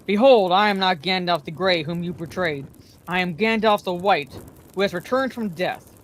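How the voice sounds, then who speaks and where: A woman's voice: mid-range voice, expressive, moderate pace, slight background noise, natural voice. A woman reading aloud, voicing an old male wizard who speaks sternly and with authority. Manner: stern and commanding.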